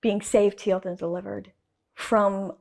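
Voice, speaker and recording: A woman's voice: medium pitch, flat delivery, a little slow, creaky, darkish tone. A woman, a guest artist, telling stories in an interview with enthusiasm and emphatic repetition. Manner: enthusiastic, emphatic, with repeated phrases. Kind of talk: interview storytelling.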